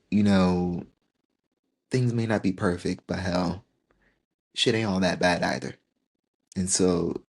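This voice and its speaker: A man's voice: sits low, vocal fry, a little mellow. A man in his twenties hosting a podcast, talking heartfelt and tearful about turning another year older. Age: 20s. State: tearing up. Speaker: podcast host. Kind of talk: emotional personal reflection.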